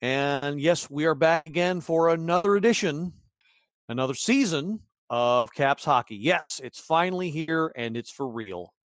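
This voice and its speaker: A man's voice: fairly high pitch, lively intonation, measured pace, smooth, dry recording. A man hosting a casual podcast, rambling with many restarts and chuckles. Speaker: podcast host.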